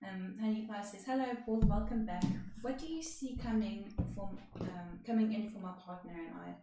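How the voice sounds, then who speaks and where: A woman's voice: mid-range voice, normal speed, over music. Distant echoey woman reading viewer questions. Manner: plain, reads questions aloud. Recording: echoey, distant mic with faint noise.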